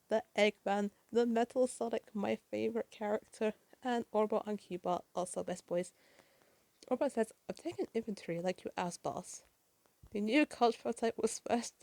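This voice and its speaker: A woman's voice: mid-range voice, a little mellow, no room sound. Casting: gushing chatty woman, casual comic recap, dry close sound. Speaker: comic reviewer.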